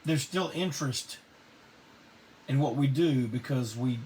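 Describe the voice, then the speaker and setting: A middle-aged man, hosting a live online show and telling stories casually, salty and quick to laugh. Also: medium pitch, a little mellow. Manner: laid-back Southern drawl, salty, laughs often. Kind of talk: casual storytelling to a live audience. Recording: distant mic with faint background noise.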